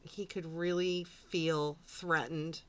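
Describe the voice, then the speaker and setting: A woman co-hosting a podcast, reacting to a recorded call in a sarcastic, expressive way. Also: low-pitched, takes it slowly. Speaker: podcast co-host.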